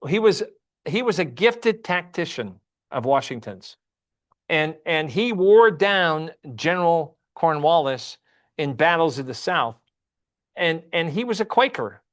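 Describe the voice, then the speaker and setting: A man's voice: fairly high pitch, expressive, a little slow, a bit bright. A man teaching a church Sunday class, often asking the class questions and repeating himself.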